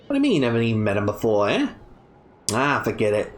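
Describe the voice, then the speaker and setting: A woman's voice: rumbling low, wildly swooping pitch, fast, pitched below the performer's own voice, full character voice. A woman voicing a brash, cocky young girl with a put-on Australian accent, speaking in a slangy, teasing way.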